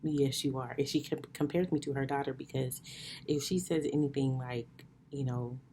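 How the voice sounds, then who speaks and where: A woman hosting a podcast, telling a personal story in a chatty, animated way, laughing often and calling her listeners y'all. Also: very deep voice, moderate pace, slight background noise. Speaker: podcast host. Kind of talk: casual storytelling monologue.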